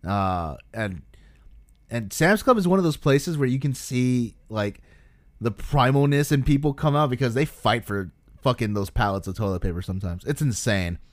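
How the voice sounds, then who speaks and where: A man's voice: mid-range voice, expressive, moderate pace, dry recording. An enthusiastic young man chatting on a podcast, casual and loose with his language. His voice is recorded dry and close, with no room sound around it. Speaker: podcast co-host. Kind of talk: casual chat.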